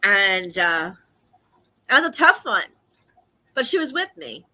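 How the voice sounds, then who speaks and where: A woman hosts a radio podcast in a casual talk-show monologue, chatty and laughing often, greeting listeners in the chat by name. Her medium-pitched voice swings widely in pitch, has a sharp tone, and takes things slowly.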